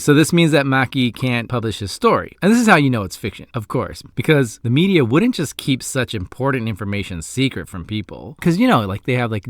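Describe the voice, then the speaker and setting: A man's voice: medium pitch, no echo, studio quality. A man hosting a casual film review, chatty and joking, with lots of fillers. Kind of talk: casual video review commentary.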